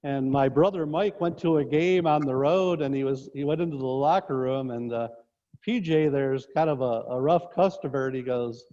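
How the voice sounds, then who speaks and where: A man's voice: medium pitch, normal speed, mellow. A man, a former basketball coach from northern New York, telling rambling anecdotes on a sports talk show. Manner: rambling anecdotes with restarts, chuckling. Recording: dull lo-fi audio in a reverberant space.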